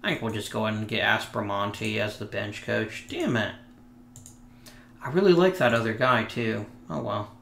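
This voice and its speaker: A man's voice: fairly low pitch, normal speed, vocal fry, a bit bright, echoey room, slight background noise. Wry man muttering over a game. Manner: wry, muttering asides to himself. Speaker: let's play host. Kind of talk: casual gameplay commentary.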